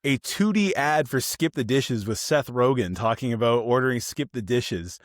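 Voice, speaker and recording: A man co-hosting a podcast, chatting casually about films and acting out the people in his stories with lively energy. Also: mid-range voice, fairly quick, few pauses, no echo, clean studio sound. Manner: animated storytelling, acts out quoted people. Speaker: podcast co-host. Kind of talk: casual film review chat.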